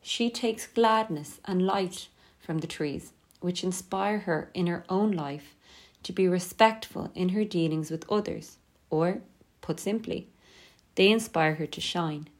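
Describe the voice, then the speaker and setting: A woman reading a scripted poetry lesson in a steady, measured way. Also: on the low side. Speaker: teacher.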